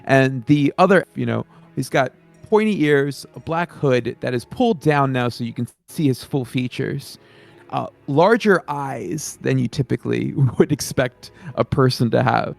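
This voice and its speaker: A man's voice: mid-range voice, expressive, measured pace, gravelly, soft background music. A man narrating a tabletop game as game master in a loose, casual way.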